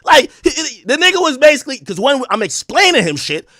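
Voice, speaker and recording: A man's voice: very high-pitched, sing-song, a little fast, pushed and bright, no echo, clean studio sound. A man telling a long, profane story in a casual rant, rambling with many restarts and bursts of laughter. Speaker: streamer and commentator.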